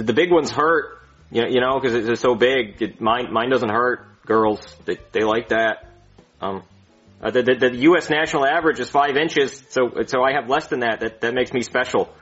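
A man's voice: medium pitch, a little fast, muffled recording, faint music behind, natural voice. A man playing a bumbling, insecure male doctor who stammers and berates himself in a comedy skit. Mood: sheepish. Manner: stammering, swings into self-hating shouting.

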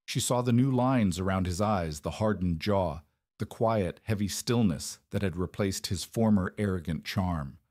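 A man narrating a scripted story in a steady, even way. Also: deep voice, measured pace, dry recording, clean studio sound.

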